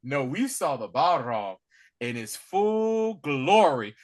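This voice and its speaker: Animated man retelling a show. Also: a little high, slow pace. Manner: animated storyteller, acts out characters, slangy. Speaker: podcast co-host. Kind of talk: casual recap chat. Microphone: video call.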